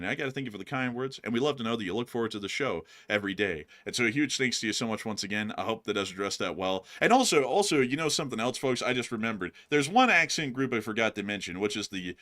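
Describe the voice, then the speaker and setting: A man's voice: medium pitch, very animated, fast, hardly any pauses, sharp tone. A man from the US South with a light Southern accent, hosting a news channel and answering viewer comments in a rambling, conversational way. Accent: light Southern American. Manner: rambling, conversational, addresses "folks" and "y'all". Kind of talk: casual talk reading viewer comments.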